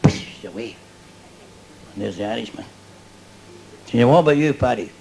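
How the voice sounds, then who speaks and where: A man's voice: medium pitch, expressive, normal speed, gravelly, background noise. An older Scottish man doing a stand-up routine before a live audience, chatty and cheeky, laughing at his own jokes. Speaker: stand-up comedian.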